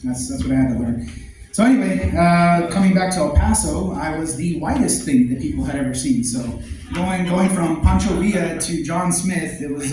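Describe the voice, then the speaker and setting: A man's voice: high-pitched, heavy reverb, poor audio. A man doing first-time open mic stand-up, chatty and self-deprecating, laughing at his own jokes. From southern United States. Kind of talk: stand-up comedy storytelling. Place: small comedy club stage.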